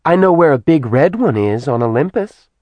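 A man's voice: fairly high pitch, animated, moderate pace, no echo, highs cut off, voice pushed up. A man voicing a childlike, blunt female demon who talks in a sing-song way with broken grammar. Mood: cheeky sing-song.

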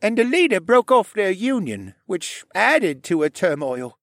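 A man playing a troubled young man, high strained voice, emotional confession, dry sound. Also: very animated, measured pace, a bit bright, no echo, full character voice. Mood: pained, confessional. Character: troubled young man recounting painful childhood. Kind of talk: audiobook character voice.

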